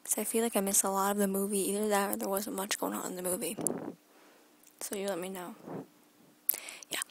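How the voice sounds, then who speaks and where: A woman's voice: medium pitch, level tone, fairly quick, creaky, a little hiss or hum, poor audio. A young woman in her teens chatting in a rambling daily vlog from her bedroom, often dropping into a whisper, filmed on a phone held at arm's length. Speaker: vlogger.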